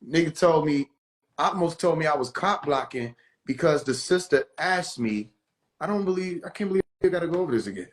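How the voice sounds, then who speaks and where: A man with a fairly high-pitched voice talks casually on a livestream. He tells his story with animated energy, swears freely, laughs often and acts out the people he quotes. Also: normal speed. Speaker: livestream host.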